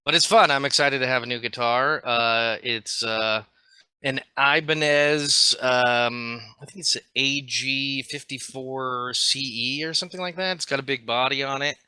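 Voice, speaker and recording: Bright-voiced male podcast co-host. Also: medium pitch, a little slow, clear, resonant tone, no echo. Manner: joking, rambling, slips into silly rap impressions. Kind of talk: casual chat.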